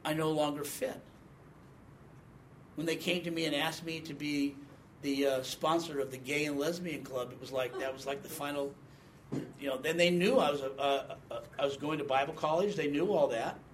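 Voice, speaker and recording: A man's voice: fairly high pitch, fairly even intonation, normal speed, slight background noise. A man in his sixties giving a conversational Bible teaching, quizzing the class and reading scripture with emphasis. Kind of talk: teaching sermon with audience questions.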